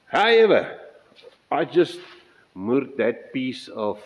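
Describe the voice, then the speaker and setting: In a casual workshop update vlog, a middle-aged South African man talks about his model railway layout in a mid-range, sing-song voice, speaking slowly. He wanders from point to point, breaks off partway through sentences, and counts out measurements, all on a rough recording.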